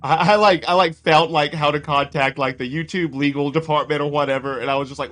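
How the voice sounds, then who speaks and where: Chatty higher-voiced man streaming. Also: steady tone, a little fast, few pauses, a bit bright. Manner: chatty, laughs often, greets chat by name. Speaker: streamer reacting to clips. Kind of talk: casual live-stream commentary.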